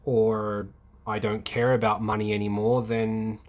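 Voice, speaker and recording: A man casually answering viewer questions on a live stream, hesitant with many pauses and ums. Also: fairly low pitch, level tone.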